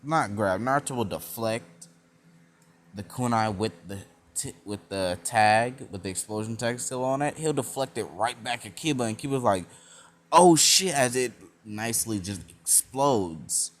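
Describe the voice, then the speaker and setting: A man's voice: fairly low pitch, normal speed, slight background noise. A young man casually narrating a fan-made story, rambling with many fillers and self-corrections.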